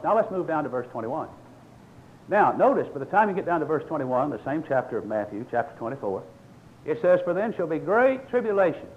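A man's voice: mid-range voice, dull audio, a little hiss or hum. An older man preaching a sermon, explaining scripture in a folksy, storytelling way and reading verses aloud.

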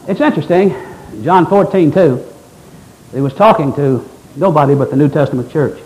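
A man's voice: a little high, normal speed, pauses often, darkish tone, low-quality recording. A man preaching a fervent, emphatic Baptist sermon, now and then mimicking imagined objectors. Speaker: Baptist pastor.

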